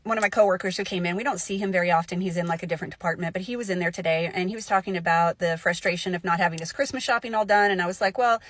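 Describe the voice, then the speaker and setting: A woman's voice: on the low side, racing, hardly any pauses, no room sound. A woman casually telling a story from work, acting out the lines of her coworkers. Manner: animated, acts out coworkers' lines.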